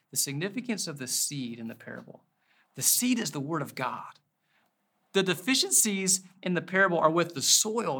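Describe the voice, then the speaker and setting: A man preaches as a pastor, his voice gravelly and bright with a bit of an edge. He talks earnestly, goes back over his own phrases, and lets his words slow down as he moves into prayer. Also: a little high. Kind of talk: sermon with closing prayer.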